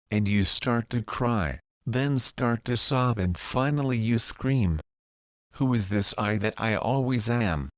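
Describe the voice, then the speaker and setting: A man narrating a spiritual story in the second person, calm and measured. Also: medium pitch, no room sound, studio quality. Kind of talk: slow guided narration.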